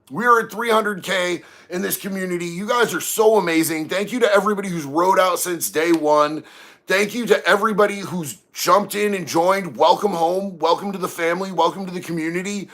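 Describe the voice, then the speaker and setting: Bright-voiced man chatting on livestream. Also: sits high, moderate pace. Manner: laid-back, slangy, reads chat aloud. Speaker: livestream host. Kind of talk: casual livestream chat.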